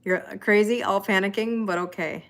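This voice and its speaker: A chatty Canadian woman hosts a tarot livestream and talks with her viewers. She speaks at a middle pitch with a Canadian accent, greets people by name, and reads their comments aloud in easy, casual chat. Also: steady tone, moderate pace, a bit bright. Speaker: tarot reader hosting a livestream.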